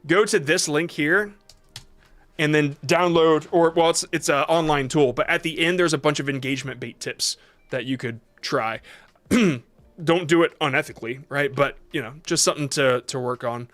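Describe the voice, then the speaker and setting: A man's voice: on the high side, normal speed, a bit bright. A man hosting a casual livestream, reading chat questions aloud and answering off the cuff with many fillers and restarts. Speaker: livestream host reviewing shorts.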